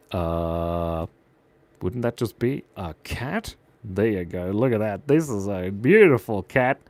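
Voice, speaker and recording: Chatty, laughing livestream host. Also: male voice, medium pitch, no echo. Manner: joking, rambling, often laughs. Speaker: channel host and animator. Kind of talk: casual livestream chat while drawing.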